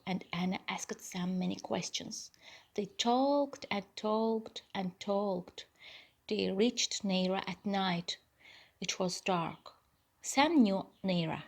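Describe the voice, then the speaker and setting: A woman narrating a graded reader audiobook in a clear, deliberate manner. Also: medium pitch. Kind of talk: slow scripted narration for learners.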